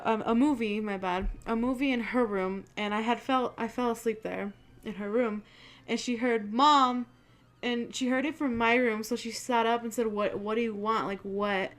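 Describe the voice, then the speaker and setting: A young adult woman with a fairly high, steady voice hosts her channel at normal speed. She chats casually and tells spooky stories, swearing freely and acting out what people said.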